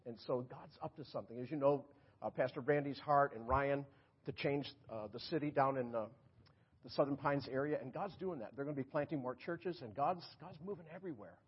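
A man's voice: mid-range voice, brisk, husky, dull audio. A man preaching as a guest speaker in a church, chatty and joking as he talks to the congregation. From New York. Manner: chatty, joking preacher who laughs at his own jokes. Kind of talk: sermon. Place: church sanctuary.

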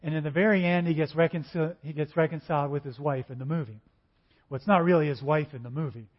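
A man preaching a sermon, conversational and animated, acting out little dialogues in different voices. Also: on the high side, quick pace. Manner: acts out dialogues in varied voices. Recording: dull lo-fi recording.

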